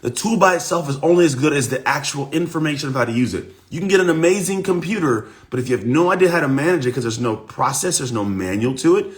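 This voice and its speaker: A man coach giving an energetic motivational talk on a livestream, his voice rough from the morning. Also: mid-range voice. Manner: energetic, repetitive, talks straight to viewers. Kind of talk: live-streamed motivational talk.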